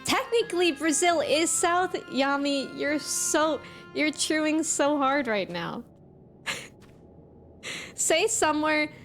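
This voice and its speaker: A young woman streamer chatting casually and playfully with her viewers, giggling often. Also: high-pitched. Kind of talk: casual live-stream chat.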